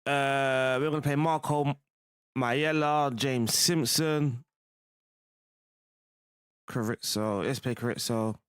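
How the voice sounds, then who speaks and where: A man's voice: mid-range voice, fairly even intonation, slow, pauses often, clear, resonant tone, no room sound. A young man, chatting casually while playing a football management game, laughing often and calling the viewer "bro". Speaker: gaming streamer.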